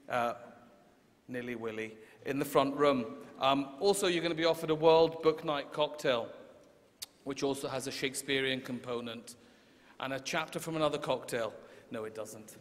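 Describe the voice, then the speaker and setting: A man hosts a live literary evening from the stage, loose and jokey, with plenty of ums along the way. His voice is a mid-range male voice. A long hall reverb hangs on his words. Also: mid-range voice. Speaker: event host. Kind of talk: casual stage hosting. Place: large concert hall on stage.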